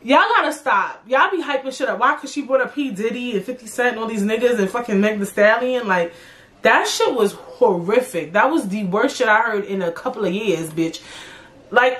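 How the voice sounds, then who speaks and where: A young woman hosting her own podcast, ranting in a blunt, profane, animated way about music and celebrities. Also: fairly high pitch, a little fast. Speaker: podcast host. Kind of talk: casual solo podcast rant.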